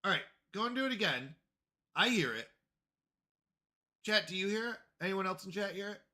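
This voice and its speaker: During a casual livestream of a game, a man with a high-pitched, sharp voice and lively intonation talks to his chat at a moderate pace. He sounds flustered and apologetic and keeps repeating himself.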